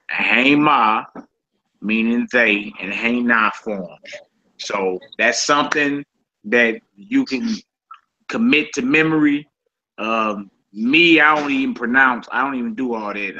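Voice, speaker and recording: A man's voice: medium pitch, sharp tone. A man leading a casual group lesson in a laid-back, colloquial way, often repeating himself. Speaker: Hebrew teacher. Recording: dull lo-fi recording.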